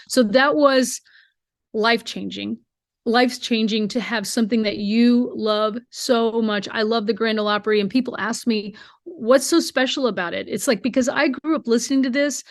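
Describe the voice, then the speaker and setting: A woman's voice: a little high, fairly bright tone, no room sound, studio quality. A middle-aged woman, a bluegrass singer, telling heartfelt stories as an interview guest and acting out quoted dialogue. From United States. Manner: heartfelt storytelling, emotional, acts out quoted dialogue. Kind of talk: remote interview conversation.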